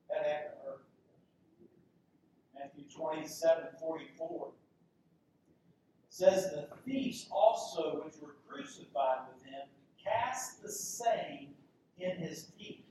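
A man preaching a sermon dramatically, swinging between loud declarations and hushed whispers. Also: lively intonation, takes it slowly. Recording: echoey room from far off, faint rumble.

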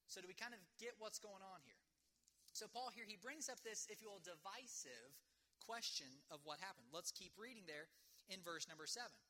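A man preaching a sermon to his congregation, talking in a conversational, earnest way with lots of "kind of" and "if you will", and slowing down to read scripture aloud. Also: sits high, lively intonation, bright, forceful tone. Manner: slows down and stresses words when reading scripture aloud.

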